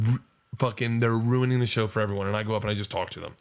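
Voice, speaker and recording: A man's voice: fairly low pitch, fairly even intonation, racing. A man in his forties trades stories in a loose podcast chat. He talks with a comic's drive, swears freely and bursts into other people's voices as he acts out scenes from his shows. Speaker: stand-up comedian guest. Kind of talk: casual podcast storytelling.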